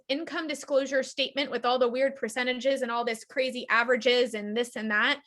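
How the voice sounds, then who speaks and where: Bright, high-voiced upbeat woman presenter. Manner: upbeat, persuasive, talks fast to the group. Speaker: team leader presenting a business opportunity. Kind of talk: sales presentation on a group call.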